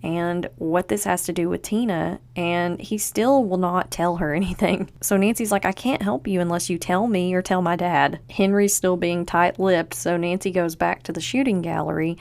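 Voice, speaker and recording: A woman's voice: lowish voice, steady tone, moderate pace, creaky, few pauses, a little mellow. A woman podcast host chatting casually through a TV episode recap, acting out the characters' lines as she goes. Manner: chatty, acts out quotes from the show.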